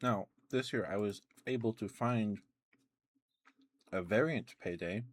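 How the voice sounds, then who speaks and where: A man doing soft-spoken ASMR on a stream, chatting relaxed while eating candy into a close mic. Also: lowish voice, a little slow.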